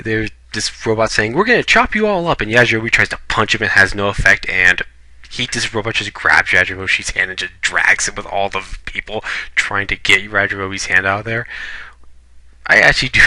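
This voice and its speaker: Male reviewer, blunt and casual, swears freely; bright, close, dry sound. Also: fairly low pitch, no echo, poor audio. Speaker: video reviewer.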